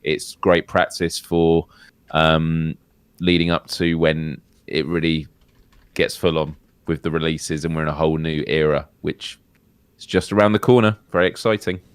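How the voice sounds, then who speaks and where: A man's voice: rumbling low, fairly even intonation, normal speed, clean tone, no room sound. A British man who co-hosts a live stream and chats in a self-deprecating, good-humoured way. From Britain. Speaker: guest co-host. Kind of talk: casual live-stream chat.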